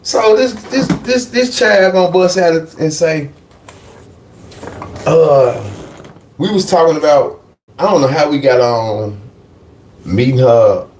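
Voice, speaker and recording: A man with a somewhat high voice tells a casual storytime on a live stream, animated and profane, repeating his lines for emphasis. He sits back from the mic in a roomy space that echoes. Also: slow, pauses often, distant mic.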